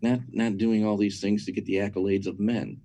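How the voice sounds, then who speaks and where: A man with a lowish, warm, mellow voice talks as a guest in a conversational teaching style. He drives his points home emphatically, stacking repeated words, and keeps asking "right?" to his listener. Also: flat delivery, brisk. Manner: asks listeners rhetorical questions. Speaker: guest speaker on church matters.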